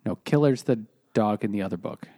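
A young man co-hosting a comedy podcast, recounting things in a rambling, halting way with lots of fillers. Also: on the low side, expressive, mellow, no room sound, clean studio sound. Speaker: podcast co-host. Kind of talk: casual comedic chat.

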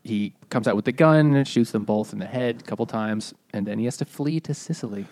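A man on a casual podcast, his voice recorded dry and close with mid pitch. He retells the story haltingly, restarting his sentences as he goes. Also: a little mellow, no room sound. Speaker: podcast co-host. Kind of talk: casual beer-drinking book chat.

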